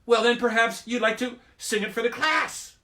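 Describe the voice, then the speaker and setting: A man's voice: extremely high pitch, normal speed, sharp tone, pitched above the performer's own voice. A man playing an exasperated schoolteacher who rants, repeats himself and turns sarcastic. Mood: mocking. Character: exasperated middle-aged male schoolteacher.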